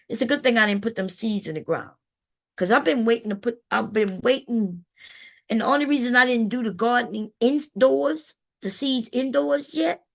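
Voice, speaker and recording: A woman's voice: a little high, creaky. A woman hosting a casual livestream, chatting to her viewers in a talkative, repetitive way. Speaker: livestream host.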